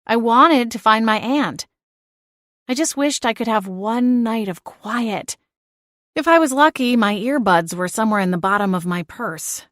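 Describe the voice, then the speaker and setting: A woman's voice: a little high, a little slow, fairly bright tone, dry recording, clean studio sound. Woman narrating a first-person audiobook.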